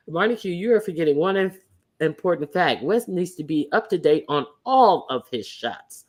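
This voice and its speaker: A woman's voice: lowish voice, expressive, normal speed, a little mellow. Sassy, profane woman livestream host. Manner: hesitant, lots of fillers and restarts. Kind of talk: casual commentary livestream.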